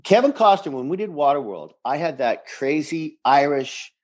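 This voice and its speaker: A man's voice: on the high side, moderate pace. A middle-aged man co-hosting a casual rewatch podcast, retelling scenes and acting out their lines. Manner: animated, acts out lines from scenes. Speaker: podcast co-host.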